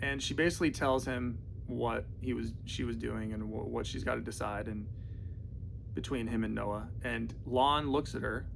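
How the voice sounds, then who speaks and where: Sarcastic gravelly man reviewing a movie. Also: mid-range voice, fairly even intonation, normal speed, noisy background. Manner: mocking, slangy, exasperated. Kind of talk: sarcastic casual movie commentary.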